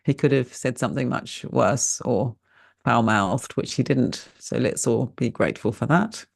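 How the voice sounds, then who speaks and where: A woman's voice: very deep voice, unhurried, vocal fry, slightly rough. A woman in her later years, a meditation teacher, chatting casually and laughing at herself while closing a live online session over a video call. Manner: chatty and self-deprecating, laughs easily.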